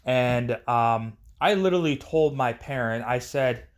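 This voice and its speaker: A man's voice: mid-range voice, a little slow. A man telling a personal story casually on a vlog, rambling with many restarts and fillers. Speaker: storyteller vlogger.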